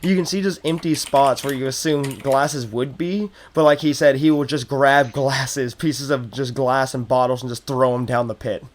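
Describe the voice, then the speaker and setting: Chill dude dming, rambly scene description, middle pitched voice. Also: male voice, normal speed, few pauses. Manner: relaxed, rambling narration. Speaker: game master. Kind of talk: narrating a tabletop game.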